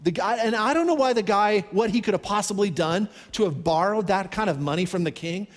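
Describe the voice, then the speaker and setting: Man, pastor, sermon, animated storytelling, high pitch, long hall reverb. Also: a little fast. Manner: animated storytelling, acts out characters' pleas.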